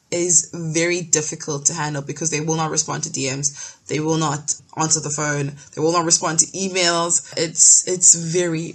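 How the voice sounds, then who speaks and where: A young woman with a lowish, husky voice recounts stories in casual chat. She talks in bursts, restarts, and acts out the people she quotes. She is from South Africa. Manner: storytelling, animated retelling with restarts. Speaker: podcast co-host.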